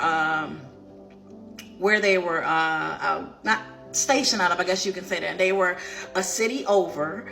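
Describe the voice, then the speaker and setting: Woman life coach with a bright, forceful voice, telling a personal story animatedly, close to tears. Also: medium pitch. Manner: emotional, near tears. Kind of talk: personal faith testimony.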